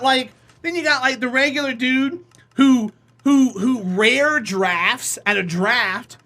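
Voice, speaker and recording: Role: live streamer. Style: casual rambling storytelling. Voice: bright, mid-pitched. Mic: desk microphone. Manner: animated, slips into acted voices.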